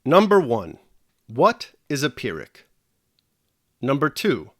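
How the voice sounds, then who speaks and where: A man's voice: medium pitch, huge pitch swings, no echo, studio quality. A man narrating a scripted video lesson, explaining things carefully and speaking straight to the viewers. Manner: measured, explanatory, addresses viewers directly. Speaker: teacher.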